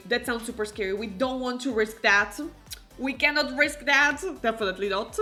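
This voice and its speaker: Bright chatty woman streamer. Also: a little high, expressive, normal speed. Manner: chatty, exclamatory, many fillers. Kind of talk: casual gameplay commentary. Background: faint game music.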